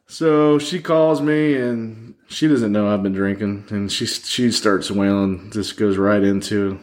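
A man's voice: fairly low pitch, measured pace, hardly any pauses. A man as a podcast guest, telling a candid personal story in a rambling way with many fillers, sitting across a table from the host.

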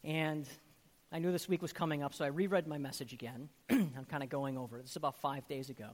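A man's voice: a little high, fairly even intonation, quick pace. A man preaching a sermon as pastor, earnest and emphatic, putting rhetorical questions straight to his listeners. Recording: long hall reverb.

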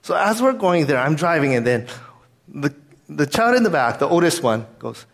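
A man's voice: a little high, sing-song, moderate pace. A man pastor giving a sermon in an earnest, conversational way, weaving in a personal story.

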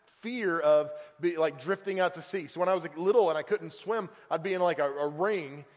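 A man's voice: on the high side, moderate pace. A male pastor preaching a sermon in a conversational way, full of fillers and acted-out quotes. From Oklahoma. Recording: long reverb of a church hall.

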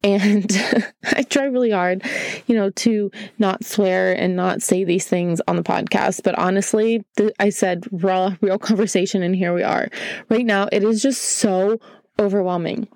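A woman's voice: mid-range voice, fairly even intonation, a little slow, gravelly, darkish tone, no echo. A young woman hosting a candid solo podcast, emotional and earnest, holding back tears. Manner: emotional, earnest, repeats "right?". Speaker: podcast host.

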